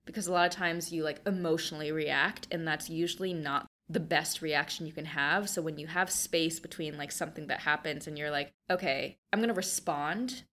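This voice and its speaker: A woman's voice: low-pitched, moderate pace, hardly any pauses, sharp tone. A young adult woman, a podcast guest, telling a personal story in casual conversation and acting out the quoted lines.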